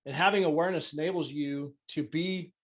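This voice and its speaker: A man's voice: fairly high pitch, fairly even intonation, a little fast, fairly bright tone. A man speaking as a mindset coach at an online conference, earnest and open, sometimes repeating words as he searches for them. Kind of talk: motivational talk.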